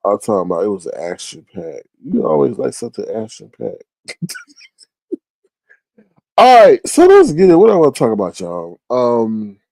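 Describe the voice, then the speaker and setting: A man's voice: fairly low pitch, wildly swooping pitch, normal speed, vocal fry, long pauses, warm tone, no echo. Sleepy rambling man on a livestream. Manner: rambling, trails off and restarts often. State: sleepy, yawning. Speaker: livestream host. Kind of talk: casual live-chat commentary.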